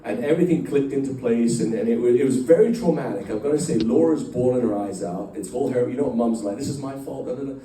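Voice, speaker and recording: Talking fast with hardly any pauses, a middle-aged man in a mellow, mid-range voice rambles through an emotional personal story for a company group, full of fillers and restarts. He's in a large room with a live group, picked up distantly amid echo and a little hiss or hum.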